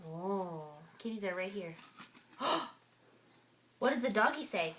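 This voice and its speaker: A mother reading a picture book aloud to her baby at home, slow and coaxing in a sing-song way. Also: mid-range voice, animated, fairly bright tone. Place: at home, indoors.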